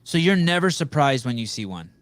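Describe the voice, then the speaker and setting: A man's voice: mid-range voice, sing-song, a little fast. A man hosting a podcast, talking over a video call in a blunt, profane, rambling way. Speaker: podcast host. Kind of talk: casual interview chat.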